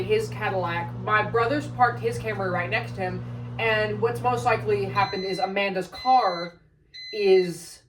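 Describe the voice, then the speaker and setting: Brief: young woman vlogger, exasperated profane rant, middle pitch, sits back from the mic. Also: far from the mic, background noise. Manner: heavy swearing, exasperated, rambling asides. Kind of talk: casual storytelling rant.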